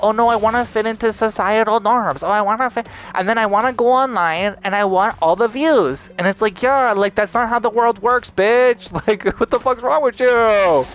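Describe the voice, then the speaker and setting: A man's voice: high-pitched, fairly bright tone. A man in a heated, profane, unscripted rant, swearing constantly and leaning on "like" as he talks. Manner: heated, swearing, heavy use of "like".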